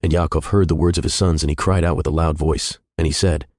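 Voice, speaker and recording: Very deep-voiced man reading scripture. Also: fairly even intonation, quick pace, darkish tone, dry recording, clean studio sound. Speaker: scripture reader. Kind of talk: scripted narration.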